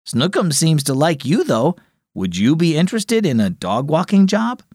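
A man voicing a lonely elderly widow in a children's storybook, speaking softly with sighs. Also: fairly high pitch, huge pitch swings, normal speed, husky, no room sound, clean studio sound, heavily acted. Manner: soft, gentle and sighing.

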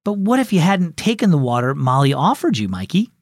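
Man reading as a patient, gentle mom. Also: fairly high pitch, sing-song, a little fast, no echo, clean studio sound. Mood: gently teaching. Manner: gentle, explaining. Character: kind, patient mother. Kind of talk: storybook reading.

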